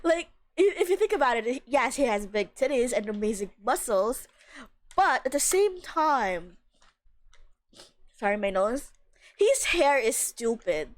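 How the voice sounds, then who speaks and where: A young woman streamer chatting casually with her viewers, giggly and gushing, breaking into laughter and excitable outbursts. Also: a little high, a little slow. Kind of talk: casual live gameplay chat.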